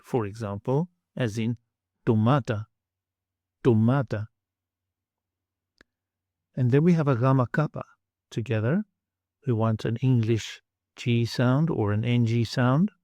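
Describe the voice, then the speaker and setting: A man teaching pronunciation, saying each example word slowly and then repeating it, exaggerating the sounds for clarity. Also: medium pitch, darkish tone, no room sound, studio quality. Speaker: language teacher. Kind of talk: slow, deliberate pronunciation lesson.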